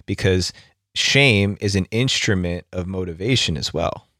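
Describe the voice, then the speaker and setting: A man's voice: low-pitched, unhurried, bright, forceful tone, no echo, studio quality. A man hosting a podcast, talking things through in a reflective, casual way and often checking in with "right?". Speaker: podcast host. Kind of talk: casual conversation.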